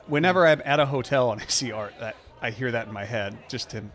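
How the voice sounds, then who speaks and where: A man's voice: medium pitch, quick pace, fairly bright tone, a little hiss or hum. A man co-hosting a casual podcast chat, making hesitant guesses and wry asides. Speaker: podcast co-host.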